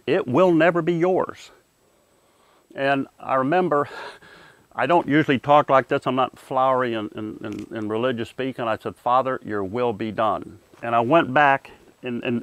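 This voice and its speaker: An older man telling a personal testimony in an earnest, halting way, often repeating words and dropping quieter at serious points. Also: no echo. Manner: halting, repeats words while searching for them; earnest, softens and drops low at serious moments. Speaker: war veteran recounting a near-death experience.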